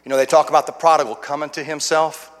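A middle-aged man, a guest pastor, telling his testimony in a folksy sermon, restarting phrases and swinging from hushed to loud. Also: on the high side, little pitch movement, fast talker. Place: church sanctuary. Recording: long reverb of a church hall.

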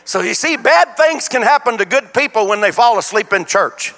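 Older preacher with gravelly voice. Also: male voice, high-pitched, moderate pace, few pauses. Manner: folksy storytelling, animated. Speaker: guest preacher. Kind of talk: sermon. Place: church sanctuary. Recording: church hall reverb.

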